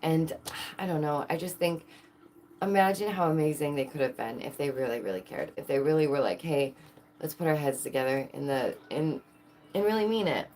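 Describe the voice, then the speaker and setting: Woman vlogger, low-ish voice, casual and excitable, rhetorical questions, quick laughs. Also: slight background noise. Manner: excitable, asks viewers many rhetorical questions, laughs often. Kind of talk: casual chat to camera.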